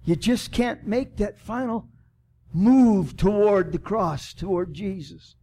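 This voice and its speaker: Slow, higher-voiced male preacher. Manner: swings from loud preaching to soft, slow prayerful appeals. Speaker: pastor. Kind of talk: sermon. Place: church.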